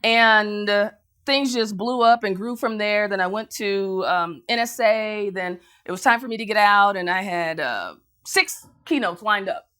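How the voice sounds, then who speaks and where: A woman's voice: medium pitch, unhurried, bright, forceful tone, clean tone. A woman motivational speaker telling a story to an audience, acting out other people's lines and laughing as she goes. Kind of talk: motivational speech.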